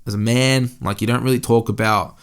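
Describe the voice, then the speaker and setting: A man's voice: medium pitch, fairly even intonation, brisk, clear, resonant tone. A young man hosting a solo podcast, talking candidly in a rambling way and swearing often. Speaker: podcast host. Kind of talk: casual solo podcast monologue. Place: indoor room.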